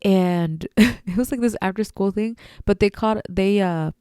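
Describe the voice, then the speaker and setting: A young adult woman talks into a close podcast mic, open and heartfelt, with loose fillers and the odd swear word. Her voice is smooth and clear at a middle pitch. The recording is dry, with no room sound. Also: a little slow, a little mellow, dry recording. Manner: candid and heartfelt, swears casually, many fillers. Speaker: podcast host. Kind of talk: casual solo podcast talk.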